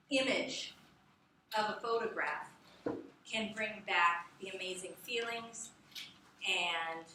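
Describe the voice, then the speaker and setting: A woman teaching a class, talking in a chatty, animated way and often asking the students questions. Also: mid-range voice. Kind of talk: classroom lecture. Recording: echoey classroom from far off, with background noise.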